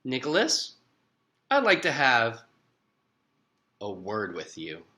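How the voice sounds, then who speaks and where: A man's voice: medium pitch, expressive, bright, forceful tone. A man voicing a strict, firm woman teacher in a children's book he reads aloud. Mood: stern. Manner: stern, measured. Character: strict older female teacher, firm and cool.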